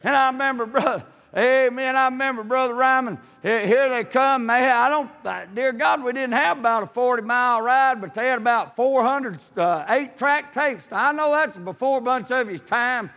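An older man preaches from the pulpit, his voice very high and bright with a gravelly edge. He tells folksy stories, peppers them with amens and climbs into shouting. His voice rings out with a long reverb through a church sanctuary. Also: normal speed, hardly any pauses. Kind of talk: sermon with personal testimony.

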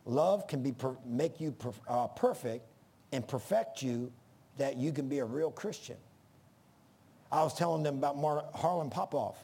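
Gravelly preacher man. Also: mid-range voice, normal speed, mellow. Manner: earnest, folksy, rising to emphatic bursts. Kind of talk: sermon.

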